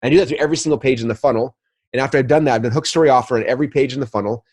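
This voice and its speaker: A man talking casually as a podcast guest, telling animated stories and acting out both sides of conversations. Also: medium pitch, slightly rough. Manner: rapid, animated storytelling with acted-out dialogue. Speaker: guest, marketing entrepreneur.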